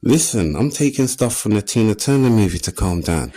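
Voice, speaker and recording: A man with a very low voice and an East London accent, performing stand-up on a comedy stage. He talks in streetwise slang and acts out his stories with plenty of energy. A faint hiss sits under the recording. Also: sing-song, brisk. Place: comedy stage before a live audience.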